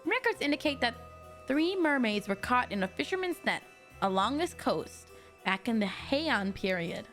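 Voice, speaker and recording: A woman's voice: fairly high pitch, very animated, normal speed, a bit bright, faint music behind. A woman voicing a young female tour guide, blunt and matter-of-fact. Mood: explaining.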